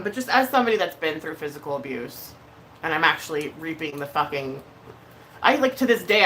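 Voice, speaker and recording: A woman with a bright, forceful voice talks to her live-stream viewers in a blunt, heated way. She swears freely and hesitates on fillers as she speaks. A faint noise sits behind her. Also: on the low side. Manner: emotional, hesitant with many fillers. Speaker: vlogger. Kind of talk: casual live-stream chat.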